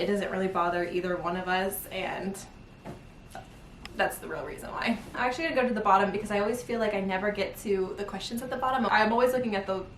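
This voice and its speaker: A woman's voice: mid-range voice, fairly bright tone. A young woman talks casually to her viewers as she folds laundry at home, wandering from thought to thought and laughing between sentences. She sits back from the camera mic, so her voice carries a roomy echo, with a faint hum of the room behind her. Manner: chatty, rambling, laughs mid-sentence. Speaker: vlogger. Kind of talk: casual chat while folding laundry. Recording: roomy home recording from a distance.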